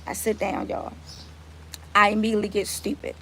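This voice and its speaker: Animated storyteller woman on a live stream. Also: mid-range voice, moderate pace, a little hiss or hum. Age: 30s. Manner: animated, swears freely, talks straight to viewers. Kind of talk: casual storytelling to a live audience. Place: outdoors.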